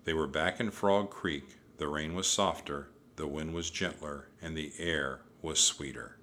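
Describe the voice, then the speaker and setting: A man reads a children's story aloud in a steady, measured way. His voice is very deep, with a bright, forceful edge. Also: slight background noise. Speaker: narrator. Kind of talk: audiobook narration.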